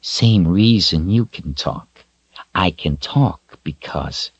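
A man voicing a loyal, protective male wolf who talks in a low, slow growl. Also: expressive, breathy edge, dry recording, dull audio, exaggerated voice. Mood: grumbling.

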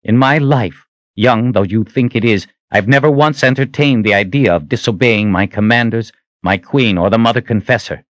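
A man's voice: lowish voice, moderate pace, a bit bright, no room sound, pitched above the performer's own voice, natural voice. A man voicing an earnest young army captain who speaks with raised, intense conviction in an audiobook. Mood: resolute.

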